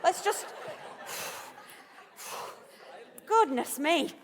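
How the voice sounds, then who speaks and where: A woman's voice: a little high, expressive, a little fast, in a large hall. A woman vicar as the guest in a live stage conversation, chatty, jokey and self-deprecating. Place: festival event hall.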